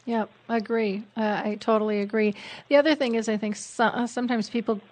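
A woman's voice: a little high, fairly even intonation, fairly quick, darkish tone, poor audio. Chatty woman radio host. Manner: conversational and agreeable, often saying "you know". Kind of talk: casual interview chat.

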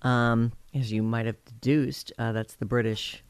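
A woman's voice: extremely low pitch, flat delivery, unhurried, a little hiss or hum. A woman hosting a casual talk show, chatty and wry with playful sarcasm. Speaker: host. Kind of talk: casual chat show banter.

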